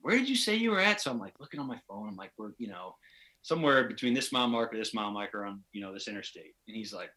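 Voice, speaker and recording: A man's voice: on the low side, fast talker, bright, forceful tone. A man telling a long, rambling story in a casual podcast chat, acting out the voices of the people he quotes. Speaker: podcast guest, pro hockey player.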